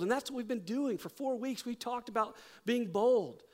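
Middle-aged pastor guy with a high voice, preaching, animated storytelling then going quiet and intense. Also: moderate pace. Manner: storytelling, animated, drops to a hushed intense delivery. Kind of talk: sermon.

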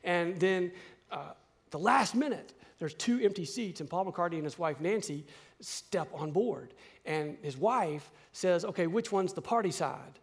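Animated storytelling man in his fifties. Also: high-pitched, a little slow, gravelly, husky. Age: 50s. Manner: animated, acts out dialogue with rising excitement. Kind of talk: sermon storytelling.

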